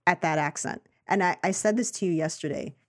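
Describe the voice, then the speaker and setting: A woman from New York co-hosting a film review chat, talking casually with lots of quoted reactions and quick asides. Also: lowish voice. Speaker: film review podcast co-host.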